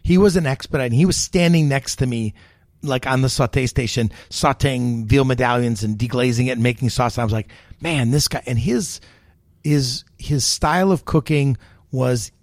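A man in his sixties, a chef being interviewed, telling lively stories with frequent restarts. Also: medium pitch, normal speed, no room sound. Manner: animated anecdotes with repeated restarts. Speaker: guest chef. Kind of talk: storytelling interview.

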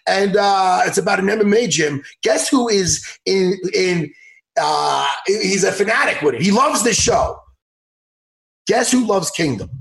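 A man hosting a podcast in casual chat, excitable and animated, laughing often and acting out what others said. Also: sits high, unhurried, creaky. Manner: animated, excitable, laughs a lot, acts out impressions loudly. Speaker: podcast host.

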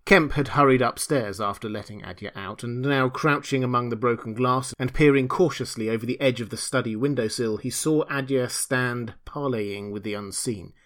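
The narrator's mid-range, fairly bright voice guides listeners through a classic novel, his audiobook delivery measured and dramatic.

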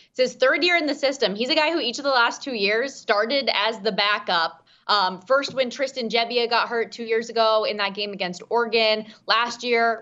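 Woman co-host, medium pitch, brisk and detailed football breakdown, slightly dull studio sound. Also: a bit bright. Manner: quick, detailed, conversational. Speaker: sports betting show co-host. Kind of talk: sports analysis chat.

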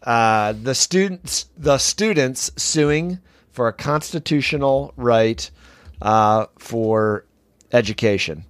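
A man co-hosting a casual podcast about education, walking his co-hosts through a news article with plenty of ums, uhs and restarts. His voice sits at an ordinary pitch and is recorded dry and close, with little room sound. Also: slow pace, clear, resonant tone, no echo. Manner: conversational, summarizing an article with frequent fillers. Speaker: podcast co-host.

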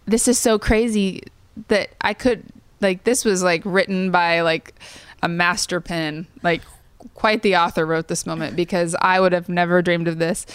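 A woman's voice: fairly low pitch, steady tone, normal speed, clean tone, no echo. A woman in her thirties, a songwriter guest, telling a personal story in a rambling way with lots of fillers. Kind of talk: conversational storytelling.

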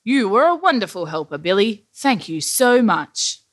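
A woman voicing Santa Claus, a jolly, gentle old man who speaks in a hushed, chuckling manner in a storybook reading. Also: mid-range voice, sing-song, normal speed.

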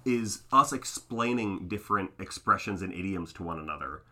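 A man's voice: low voice, animated, moderate pace, bright, forceful tone. A man from Oakland, California, with a Northern Californian accent, co-hosting a podcast in casual chat, playful and teasing. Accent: Northern Californian American. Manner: playful, teasing, with many fillers. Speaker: podcast co-host.

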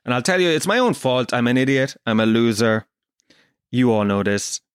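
An Irish man hosting a podcast, telling animated comic stories with plenty of swearing. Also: medium pitch, moderate pace, smooth, no echo, clean studio sound. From Ireland. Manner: animated storytelling, swears a lot, acts out quotes. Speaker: podcast host. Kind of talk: casual comedic monologue.

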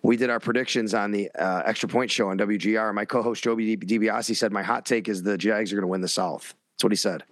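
A man hosting a casual sports podcast, talking in quick bursts with restarts and self-corrections. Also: fairly low pitch, fairly even intonation, fairly bright tone, no echo. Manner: rapid, self-interrupting, restarts sentences. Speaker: podcast host.

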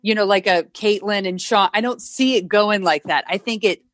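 A woman's voice: medium pitch, normal speed, dry recording, studio quality. A woman co-hosting a casual podcast, talking in loose, restarting sentences full of "like". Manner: chatty, hedging with restarts and "like". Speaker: podcast co-host. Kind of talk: casual chat.

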